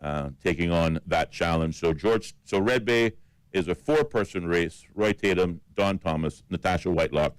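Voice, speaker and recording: Caymanian male radio co-host, very deep voice, dry studio sound, steady list-reading. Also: moderate pace, smooth, no echo, poor audio. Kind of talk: radio talk about election candidates.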